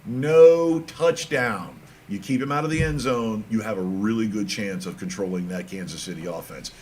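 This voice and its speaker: A man talks sports in a loud, animated way, pushing his points hard and teasing his co-host. Faint noise runs under the recording. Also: lowish voice, normal speed. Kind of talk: casual sports talk.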